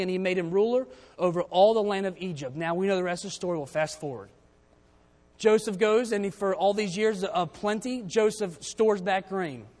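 A man preaching a sermon, reading scripture verses aloud and then explaining them in a conversational way. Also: high voice. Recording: long reverb of a church hall.

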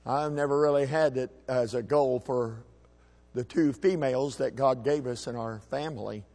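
A middle-aged man preaching a sermon as a pastor, folksy and emphatic, with shouted peaks. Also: mid-range voice, normal speed, big-room sound. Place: church sanctuary.

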